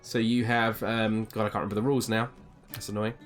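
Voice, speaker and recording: A man's voice: fairly low pitch, little pitch movement, quick pace, soft background music. A man running a tabletop game as game master, narrating casually with lots of ums. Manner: casual, rambling with many ums.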